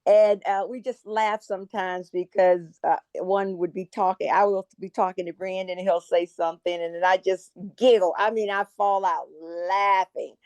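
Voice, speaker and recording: A woman co-hosts a podcast interview from a video call, nudging the guest along with warm encouragement. Her voice has a middle pitch, and the sound is dry and close with no room around it. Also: steady tone, moderate pace, hardly any pauses, no echo. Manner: warm, encouraging, frequent mm-hmms. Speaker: co-host. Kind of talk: casual interview chat.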